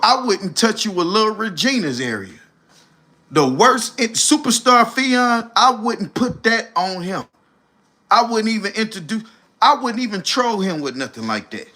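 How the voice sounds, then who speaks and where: Guy streaming roasts, bright voice, swings all over the place. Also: high-pitched, slight background noise. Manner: animated, shouting impressions. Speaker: streamer host. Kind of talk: comedic livestream roast.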